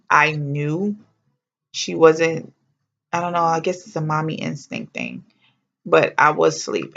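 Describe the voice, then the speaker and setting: A woman's voice: low-pitched, gravelly, fairly bright tone, highs cut off. A woman vlogger telling a personal story in a chatty, heartfelt way, with exclamations and slang.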